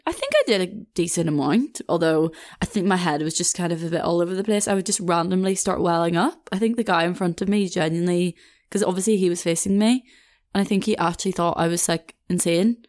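A woman's voice: on the low side, quick pace, a little mellow. A young woman hosting a podcast, telling a personal story in a chatty, self-mocking way and laughing now and then. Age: young adult. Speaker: podcast host. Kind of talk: casual storytime monologue.

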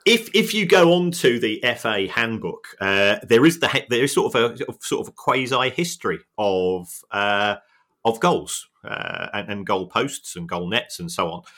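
A middle-aged man co-hosting a podcast, talking in an earnest, reflective and halting way. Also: on the low side, expressive, sharp tone. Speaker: podcast co-host. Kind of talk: casual podcast chat.

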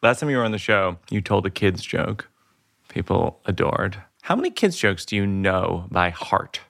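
A man's voice: low-pitched, sing-song, moderate pace, creaky, fairly bright tone. A man hosting a podcast, chatting in a reflective way and thinking aloud about jokes. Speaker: podcast host. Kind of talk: casual podcast conversation.

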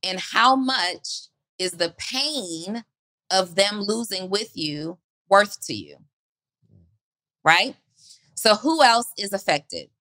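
A woman's voice: medium pitch, lively intonation, slow, pauses often, bright, forceful tone, no room sound, low-quality recording. A woman hosting a motivational podcast, preaching through repeated rhetorical questions. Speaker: podcast host.

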